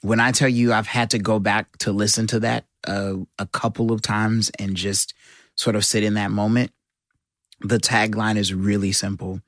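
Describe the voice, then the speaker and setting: Low, earnest man in a dry room. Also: little pitch movement, moderate pace, a bit bright, no echo. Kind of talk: reflective talk.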